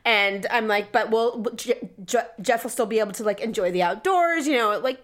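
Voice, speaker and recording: A woman in her thirties chatting casually as a podcast co-host, telling stories with animated quotes. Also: fairly high pitch, moderate pace. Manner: animated storytelling, acts out quotes. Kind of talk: casual chat.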